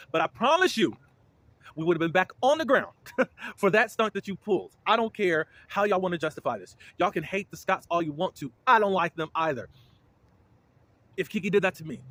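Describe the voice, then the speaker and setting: A man's voice: a little high, lively intonation, a little fast, fairly bright tone. A man giving a casual, opinionated recap of a reality TV episode, laughing often and acting out the cast's lines.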